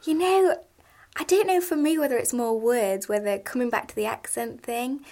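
A woman's voice: fairly high pitch, moderate pace, darkish tone. A woman singer with a Derbyshire accent, talking reflectively in a casual interview. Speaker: singer guest.

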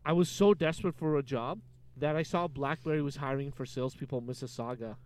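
A man's voice: mid-range voice, fast. A young man from Canada co-hosting a casual comedy podcast, joking and mocking himself as he riffs with a friend in a car. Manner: animated, joking, self-mocking. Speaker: podcast co-host.

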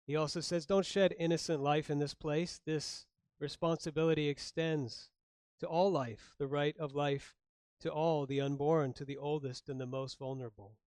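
A middle-aged pastor preaching a sermon in a conversational way, with rhetorical questions and light humor. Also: male voice, fairly high pitch, level tone, moderate pace, darkish tone, smooth, dry recording, studio quality.

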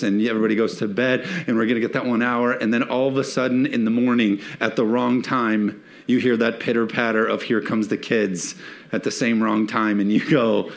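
A man preaching from the pulpit with a lively, joking delivery. He slips into little acted-out voices for everyday scenes, his pitch sitting in a middle range. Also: fairly quick. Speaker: pastor. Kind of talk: sermon.

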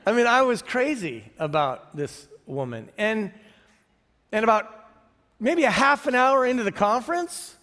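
High-voiced pastor in an echoey hall. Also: male voice, a little slow. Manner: lively storytelling with frequent chuckles and audience questions. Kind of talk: sermon. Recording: reverberant hall.

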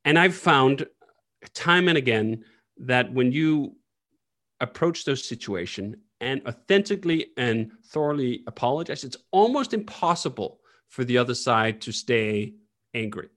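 A man talking as an interview guest in casual conversation, animated and blunt, swearing freely. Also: medium pitch, unhurried.

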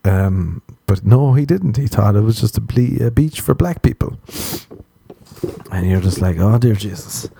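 Young Irish male podcast host: loose, profane, rambling stand-up style with a warm, slightly low voice. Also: expressive, a little slow, vocal fry, husky, no echo. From Ireland. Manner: rambling, profane, laughs at his own jokes. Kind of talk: solo comic podcast monologue.

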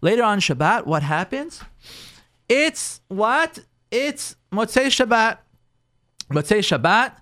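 A man, a rabbi, telling a story in an animated way and acting out each character's lines. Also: sits high, slow pace, long pauses. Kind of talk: storytelling talk.

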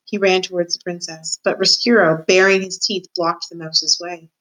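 A woman's voice: fairly low pitch, steady tone, moderate pace, fairly bright tone, poor audio. A woman reading a children's novel aloud, telling it expressively and voicing the characters herself. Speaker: reader.

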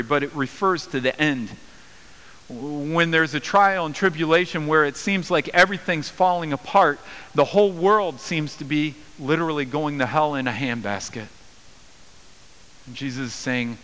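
A man's voice: a little high, sharp tone, clean tone. A man preaching a sermon as pastor, earnest, his voice lifting when he speaks quoted words. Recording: long hall reverb.

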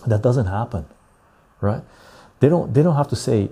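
A man hosting a podcast, chatting casually and reading the live chat, calm and unhurried, swearing freely and laughing often. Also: medium pitch, husky.

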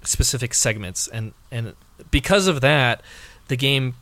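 A man talks through a video game in a relaxed podcast chat, his voice at a middling pitch. He hesitates a lot, pausing on fillers and restarting his thoughts. The sound is dry and close, with no room around it. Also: no echo. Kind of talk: casual video game discussion.

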